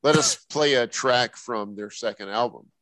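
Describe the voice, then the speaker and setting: A man's voice: mid-range voice, normal speed, a bit bright, no room sound, low-quality recording. A man co-hosting a music show in casual talk, joking and teasing with slangy phrasing. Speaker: radio show co-host.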